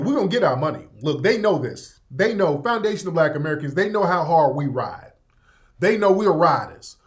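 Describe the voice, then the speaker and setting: High-voiced man riffing on his radio show. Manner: animated, joking, profane, street slang. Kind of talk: casual monologue commentary.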